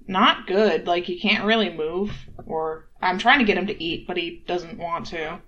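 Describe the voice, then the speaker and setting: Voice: mid-range voice, a little slow, bright, forceful tone, lo-fi sound. A player voicing a worried, guilt-ridden elf adventurer in a tabletop game, rambling with many fillers. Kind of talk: in-character tabletop play.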